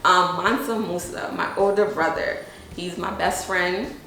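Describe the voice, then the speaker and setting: A woman's voice: fairly low pitch, steady tone, unhurried, gravelly, fairly bright tone, recorded from a distance. Young woman, echoey documentary interview. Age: young adult. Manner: casual and earnest, with frequent "you know what I'm saying". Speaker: entrepreneur interviewee. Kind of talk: documentary interview, candid talk. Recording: very echoey room, faint background noise.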